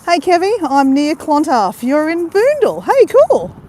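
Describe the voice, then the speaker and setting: Middle-aged Australian woman, high and animated, casual live-stream chat into a phone on an outdoor walk. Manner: chatty, greets viewers, quick to laugh. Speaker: vlogger livestreaming a walk. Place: outdoors on a waterside path. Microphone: phone held while walking.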